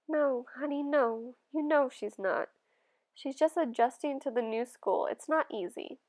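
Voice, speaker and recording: A woman reading as a hushed, tender mother. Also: high voice, a little slow. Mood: tender, tired. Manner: soft, hushed, near whispering. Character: tender, weary mother soothing her son.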